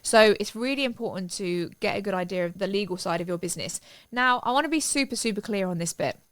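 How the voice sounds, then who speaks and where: A woman teaching a step-by-step software tutorial in an upbeat, chatty, enthusiastic way. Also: mid-range voice, fast, no room sound. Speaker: online business tutor.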